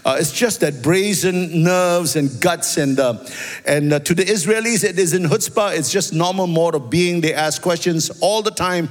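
Singaporean pastor guy, kinda high voice, animated storytelling sermon, big echoey hall. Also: moderate pace. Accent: Singaporean English. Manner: storytelling, animated, repeats phrases, asks "amen?" and "right?". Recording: long reverb of a large hall.

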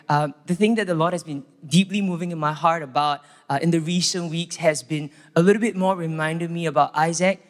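A Singaporean man with a Singaporean English accent giving a church sermon. He opens with a prayer and then tells animated stories. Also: on the high side. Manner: animated storytelling, acts out quotes. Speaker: church staff preacher. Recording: long hall reverb.

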